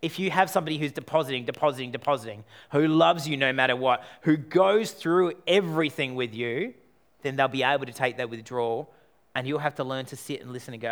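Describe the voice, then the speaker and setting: A man preaching a sermon, animated, acting out quoted voices and moving between loud lines and hushed ones. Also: medium pitch, fairly quick. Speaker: pastor.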